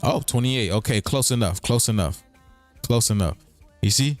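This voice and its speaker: A man's voice: fairly low pitch, expressive, moderate pace, soft background music. A man hosting a livestream in a casual, rambling commentary style. He repeats himself and keeps checking in with his listeners. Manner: breaks words apart and riffs on them. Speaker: streaming show host.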